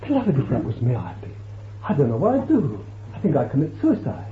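A man with a medium-pitched voice that swoops wildly preaches a sermon, quoting and explaining scripture with emphatic, dramatic rises and falls. His delivery is slow, full of dramatic swells and drops. The recording is tinny and lo-fi, with a faint hiss.

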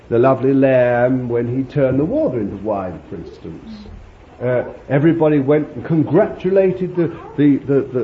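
Rambly preacher guy chuckling along, voice jumps all over, dull old tape with some hiss. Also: medium pitch. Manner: rambling, chuckling, fond asides. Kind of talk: conversational sermon. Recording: dull lo-fi recording with faint hiss.

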